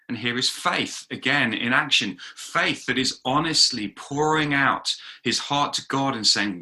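A pastor, a man of middle age, preaching a sermon with lively storytelling and quoted voices acted out. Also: medium pitch, unhurried. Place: talk recorded for an online gathering.

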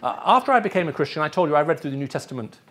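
Energetic middle-aged English-accented preacher. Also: male voice, a little high, very fast, a little hiss or hum. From Middle East. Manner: energetic, often checks in with the audience. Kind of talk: sermon teaching. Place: room with a live audience.

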